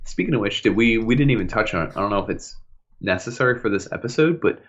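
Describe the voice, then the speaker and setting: A man's voice: fairly low pitch, fast talker, dull audio. A man co-hosting a casual podcast chat, telling stories with lots of laughter and acted-out quotes. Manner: animated storytelling, acts out quotes, laughs a lot. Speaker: podcast co-host.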